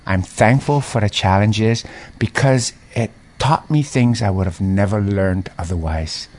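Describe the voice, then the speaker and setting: A man's voice: lowish voice, measured pace. A middle-aged man, a former mayor speaking as an interview guest and telling personal stories with feeling. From Hawaii. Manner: animated storyteller, voices others' reactions, frequent laughs. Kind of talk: heartfelt conversational storytelling.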